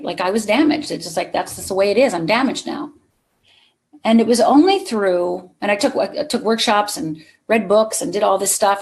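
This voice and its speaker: A woman's voice: medium pitch, a little mellow. A middle-aged woman gives a motivational keynote at a conference. Her voice sits in an ordinary middle range. She shares her own story and often turns to the audience to speak to them directly. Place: conference hall with a live audience.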